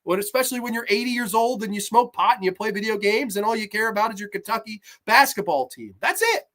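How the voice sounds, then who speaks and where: A horror movie reviewer ranting through a sequel with profane, sarcastic jabs, dropping to low grumbles and rising to loud mocking shouts. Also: quick pace.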